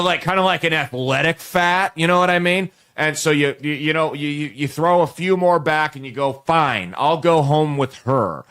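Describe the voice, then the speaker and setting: In this comedic monologue, a show host in his late twenties addresses viewers straight on with a crude, meandering comic tale, restarting plenty of times. His voice sits at medium pitch with a bit of brightness.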